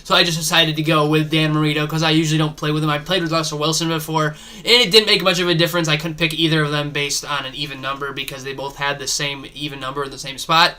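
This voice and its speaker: A man's voice: a little high, little pitch movement, fast, sharp tone. A young man giving casual, rambling commentary over his own football video game, thinking aloud with fillers as he drafts and plays. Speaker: gaming YouTuber.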